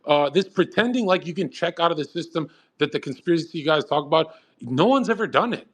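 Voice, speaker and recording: A man's voice: fairly high pitch, lively intonation, brisk. A man hosting a live audio chat, giving blunt, profane pep talks and arguing with callers. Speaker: host. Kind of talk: motivational talk on a live audio room.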